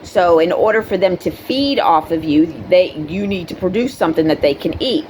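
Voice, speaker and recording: A woman's voice: animated, moderate pace, a little mellow, a little hiss or hum, rough recording. A middle-aged woman hosting a spiritual video, talking earnestly and conversationally with fillers and asides. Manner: acts out quoted people in a high voice. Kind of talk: casual spoken monologue to camera.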